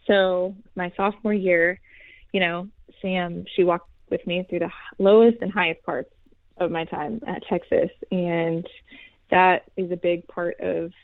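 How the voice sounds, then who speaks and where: Young female guest, soft and earnest, fry in the voice, dry phone-quality sound. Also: lowish voice, fairly even intonation, no echo. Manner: soft, earnest, many pauses and fillers. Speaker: guest, former college volleyball player. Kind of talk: heartfelt faith testimony in an interview. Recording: tinny phone-like line.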